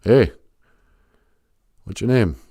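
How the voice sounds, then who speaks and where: A man's voice: lowish voice, expressive, drawn-out words, creaky, mellow, no room sound, clean studio sound, exaggerated voice. A man voicing a pushy small-town sheriff with a drawling, insistent manner.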